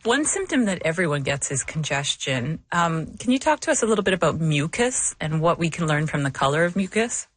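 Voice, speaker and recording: A woman's voice: low voice, sing-song, fairly quick, hardly any pauses, dry recording. A woman hosting a radio interview, friendly and conversational with a few hesitations. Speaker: radio host.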